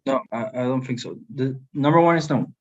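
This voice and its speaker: A man's voice: medium pitch, brisk. Hesitant male student on a dull call. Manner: hesitant, thinks aloud. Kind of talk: online lesson answering exercises. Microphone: video call.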